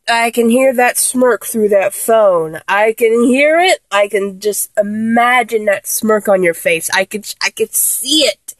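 A woman's voice: on the high side, no echo. A young woman performing a playful one-sided phone role-play, teasing and giggling as she talks to an unheard listener.

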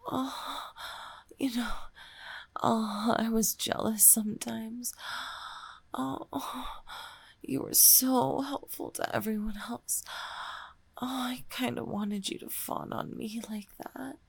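A young woman voicing a shy gamer girl confessing her feelings in a whispered role-play, breathy and halting. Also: on the high side, steady tone, dry recording, full character voice. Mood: intimate. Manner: breathy, sighing, halting, flustered. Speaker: audio role-play performer.

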